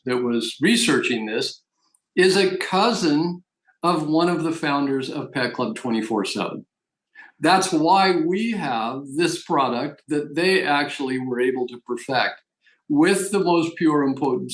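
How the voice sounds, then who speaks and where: A network marketing presenter pitches a business opportunity in a persuasive, emphatic sales style. His voice is medium-pitched, and the low-quality recording has an echoey room sound.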